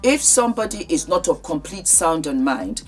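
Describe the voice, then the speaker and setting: A woman with a slightly low voice talks through celebrity news in an earnest, heartfelt vlog. She speaks conversationally and emotionally. Soft music plays faintly underneath. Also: very animated, moderate pace. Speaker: vlogger.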